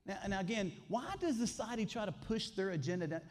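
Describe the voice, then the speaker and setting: A man's voice: sits high, animated, fairly quick. A man, preaching a sermon with emphatic call-and-response lines. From Alabama, US. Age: 40s. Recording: long hall reverb.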